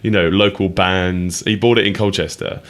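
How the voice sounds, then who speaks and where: Young male radio co-host, low voice, rambling, eager, quick to laugh. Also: steady tone, fairly bright tone. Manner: rambling, enthusiastic, laughs often. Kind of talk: casual radio chat.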